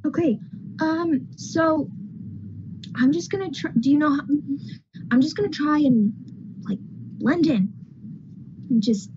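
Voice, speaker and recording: A woman's voice: sits high, slow pace, long pauses. A woman playing a tabletop game, talking hesitantly with lots of fillers. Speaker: player. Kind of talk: casual chat. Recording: lo-fi audio with clear background noise.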